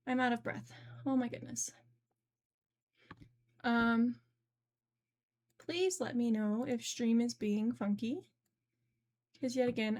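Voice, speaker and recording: A woman's voice: on the high side, darkish tone. A young adult woman streaming games, chatting casually and rambling, with frequent laughs. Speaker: game streamer. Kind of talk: casual live-stream chat.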